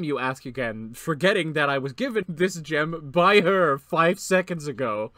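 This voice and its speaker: Lively man reading a text adventure. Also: on the high side, normal speed, no room sound. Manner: animated, laughing asides. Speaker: streamer reading an AI story game. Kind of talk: comic read-aloud of a text adventure.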